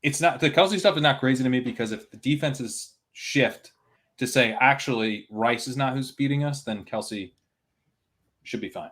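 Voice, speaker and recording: A man's voice: medium pitch, moderate pace, fairly bright tone. A man on a casual fantasy football podcast, a chatty storyteller who quotes himself and laughs easily.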